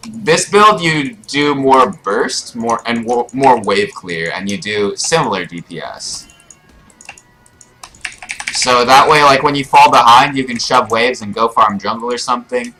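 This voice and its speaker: A man's voice: mid-range voice, expressive, unhurried, sharp tone, soft background music, poor audio. A young man giving casual live commentary over his own gameplay as a streamer, explaining his choices with frequent fillers. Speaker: gaming streamer. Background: keyboard clicks and typing.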